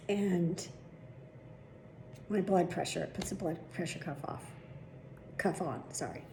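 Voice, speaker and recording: Woman vlog host, casual, profane storyteller, mellow voice in an echoey room. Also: fairly low pitch, slight background noise. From United States. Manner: chatty, profane, animated retelling.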